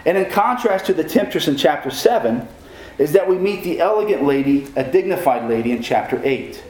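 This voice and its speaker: A man's voice: a little high, animated, brisk, darkish tone. Male pastor, raised voice, preaching in a reverberant church hall. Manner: preaching with questions to the congregation. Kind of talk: sermon.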